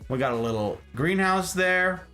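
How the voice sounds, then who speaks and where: A man's voice: normal speed, soft background music. A man hosting a casual talk show, chatting and joking while showing travel photos. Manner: animated, jokey, pitch jumps for emphasis. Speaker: podcast host.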